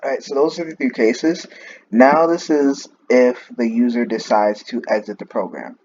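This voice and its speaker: A man's voice: medium pitch, normal speed. A man, a student, walking through his class coding project on a screen recording, hesitant and full of fillers and restarts. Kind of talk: screen-recorded program walkthrough. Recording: muffled lo-fi audio with steady noise and clicks.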